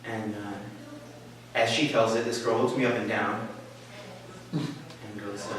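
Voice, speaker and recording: Halting, wry man telling a story live. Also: lowish voice, fairly even intonation, crowd noise. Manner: halting, full of fillers and restarts; self-mocking, wry. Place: small live venue with an audience. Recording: echoey room, mic far off, faint hiss.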